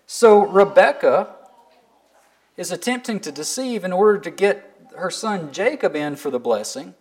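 A man's voice: high voice, animated, measured pace. A man preaching a sermon, earnestly asking his listeners pointed questions and reading scripture aloud with emphasis.

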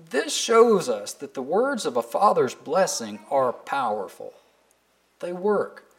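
Man preaching with a lively, rising voice. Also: fairly high pitch. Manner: earnest, asks the listeners pointed questions; reads scripture aloud with emphasis. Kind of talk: sermon.

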